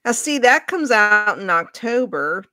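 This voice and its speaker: Female co-host, bright tense tone, offhand chat, dry close mic. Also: mid-range voice, sing-song, a little slow, dry recording. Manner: chatty, offhand, thinks out loud. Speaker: podcast co-host. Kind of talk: casual live chat.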